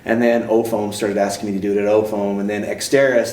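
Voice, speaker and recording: A man being interviewed as a race announcer, talking in a relaxed, rambling and self-deprecating way. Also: fairly low pitch, brisk, a little hiss or hum. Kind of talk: casual interview chat. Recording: roomy, mic at a distance.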